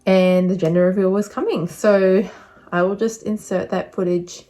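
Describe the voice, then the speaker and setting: A young woman gives a casual vlog update, chatty and rambling with many fillers, and sounds a little out of breath. Her mid-range voice is mellow with a steady tone, and she speaks at a moderate pace.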